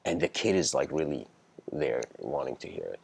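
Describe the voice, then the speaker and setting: A young man with a notably low voice talks through a casual lecture. He rambles, circles back with fillers and restarts, and lifts his voice to act out the people in his story. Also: very animated, moderate pace, vocal fry, husky. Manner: acts out characters in the story with raised voice.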